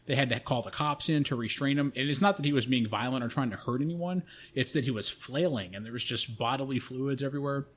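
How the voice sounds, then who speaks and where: A man's voice: mid-range voice, fast talker, fairly bright tone. Profane man telling a rambling story. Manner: profane, rambling, frequent restarts. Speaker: podcast co-host. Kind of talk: casual storytelling.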